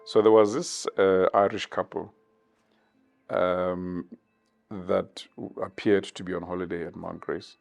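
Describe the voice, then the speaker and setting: Interview guest, man in his fifties, deep gravelly voice, slow and reflective, faint music behind. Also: flat delivery. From South Africa. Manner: measured, thoughtful, with many pauses and fillers.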